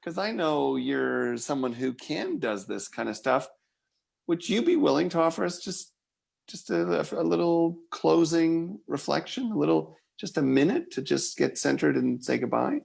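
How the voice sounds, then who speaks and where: A man's voice: fairly high pitch, animated, moderate pace, vocal fry, a little mellow, slightly rough. A man hosting a spiritual talk, reflective as he responds to his guest, then thanking viewers and making announcements. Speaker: host. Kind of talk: conversational talk show hosting.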